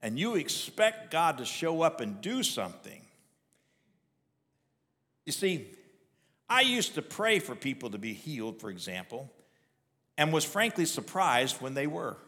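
A man's voice: a little high, very animated, unhurried, pauses often, pushed and bright, big-room sound. A male pastor giving a sermon, talking in a conversational way with frequent restarts and repeated words. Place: church sanctuary.

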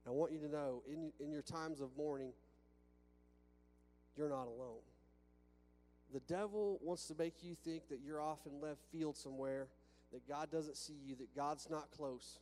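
Conversational preacher in an echoing church. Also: male voice, a little high, normal speed, a little mellow. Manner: conversational, with frequent restarts and rhetorical questions. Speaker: pastor. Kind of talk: sermon. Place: church sanctuary with a balcony. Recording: long reverb from a church hall with faint hum.

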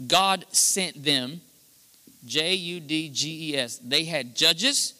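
A man preaching a sermon into a handheld microphone, lively, swinging from near-shouts to hushed tones. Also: on the high side, slow pace. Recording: live in a reverberant hall.

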